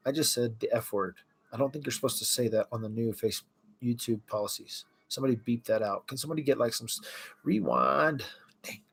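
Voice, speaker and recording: A middle-aged man casually chatting on a livestream, reacting to viewers' comments as he talks. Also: mid-range voice. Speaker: livestream host.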